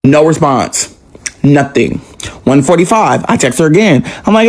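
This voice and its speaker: A man with a fairly high voice tells a personal story in a loose, unscripted monologue. His delivery is animated and dramatic, and he swears freely as he builds each beat. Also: normal speed.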